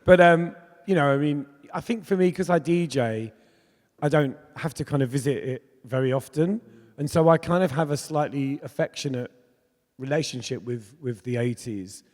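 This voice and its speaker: Man, fifties, chatty storyteller, laughs often, middle pitch, reverberant hall. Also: moderate pace, darkish tone. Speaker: guest, pop musician and DJ. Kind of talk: candid storytelling in an onstage conversation. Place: festival talk in a hall.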